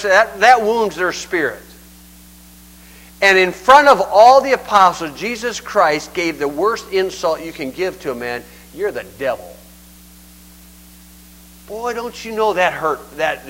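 High-voiced, bright folksy older preacher. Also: male voice, poor audio. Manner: folksy, conversational, acts out scripture quotes. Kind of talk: sermon.

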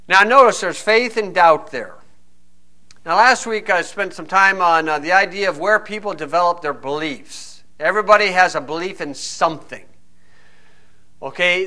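A male preacher with a high, bright voice. He reads old-style scripture and then drops into wry, homespun commentary, keeping the sermon relaxed and conversational.

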